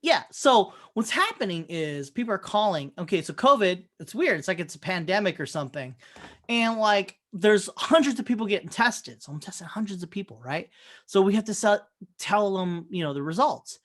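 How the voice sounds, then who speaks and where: Animated, profane man telling stories. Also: sits high, moderate pace. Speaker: podcast co-host. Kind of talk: casual chat.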